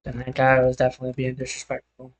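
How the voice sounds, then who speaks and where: A man's voice: medium pitch, completely flat delivery, quick pace, poor audio. Young man, casual gaming chat, rambling, frequent swearing, venting about work. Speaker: streamer.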